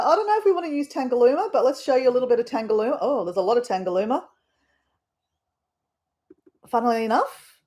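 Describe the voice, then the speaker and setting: An Australian woman with a slightly high, somewhat dark voice hosts a casual livestream. She rambles as she chats with her viewers.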